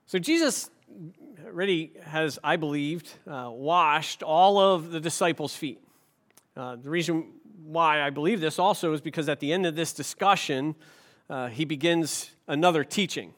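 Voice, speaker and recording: A man's voice: on the high side, measured pace, fairly bright tone. A man, the pastor, preaching a sermon in a conversational way, with rhetorical asides to the congregation.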